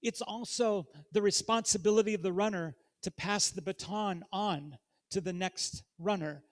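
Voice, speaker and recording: A man with a notably high voice preaches in a church. He reads scripture aloud, then speaks conversationally and turns to the congregation with direct questions. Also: normal speed. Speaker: guest preacher. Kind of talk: sermon.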